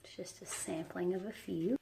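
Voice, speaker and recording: The recording is very noisy as a woman in her forties, congested from a head cold, casually walks through her own home. Her voice is lowish, steady and gravelly at a normal speed. A homeschooling mom vlogger, she rambles a bit with a few ums.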